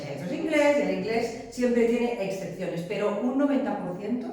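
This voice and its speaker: Lively bilingual woman teacher, echoey room. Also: mid-range voice, moderate pace, few pauses. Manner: lively, switching between two languages, laughs easily. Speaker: English teacher. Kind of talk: bilingual lesson chat. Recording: echoey room, mic at a distance.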